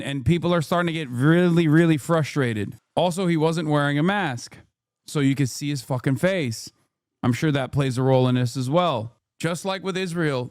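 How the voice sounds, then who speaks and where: A man's voice: mid-range voice, a little mellow, no room sound, studio quality. Blunt, cursing male streamer. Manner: blunt, profane, indignant. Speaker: streamer commenting on news clips. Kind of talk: casual political commentary.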